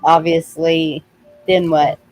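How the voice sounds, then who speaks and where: A woman in a casual group chat, talking in a calm, steady, reassuring way. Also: sits low, slow, faint music behind, low-quality recording.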